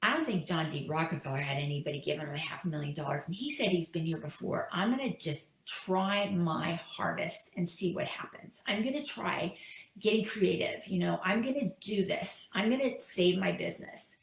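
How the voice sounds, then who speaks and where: A woman's voice: lowish voice, moderate pace, creaky, roomy sound, poor audio. A woman voicing a struggling businessman who talks things through earnestly. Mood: determined. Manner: earnest, talking to himself. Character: struggling male businessman, anxious then hopeful.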